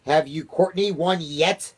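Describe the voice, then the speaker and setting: A man's voice: fairly high pitch, measured pace, husky, pitched above the performer's own voice. A man playing a stern old nanny. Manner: stern, snapping. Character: strict elderly woman, icy nanny.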